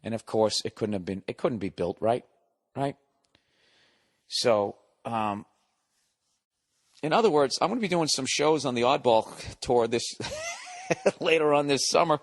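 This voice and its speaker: A comedian hosting a podcast, telling a long profane story in a casual monologue, exasperated and sarcastic. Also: male voice, medium pitch, expressive, measured pace, pauses often.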